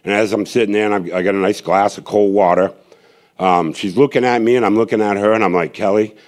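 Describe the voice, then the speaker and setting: A man's voice: lowish voice, fairly even intonation, quick pace, darkish tone. A man, a street evangelist, telling a gathering his testimony in a rambling, earnest way, with many restarts and asides.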